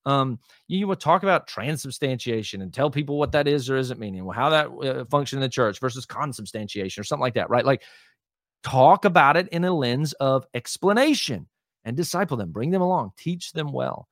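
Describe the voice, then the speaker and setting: A man's voice: medium pitch, lively intonation, fairly bright tone, no echo, studio quality. A man who is a lead pastor, talking casually as a guest on a podcast. He teaches with emphasis, often pressing "right?" and "hear me", with fillers and restarts. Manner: many fillers and restarts, quick asides. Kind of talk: casual conversational interview.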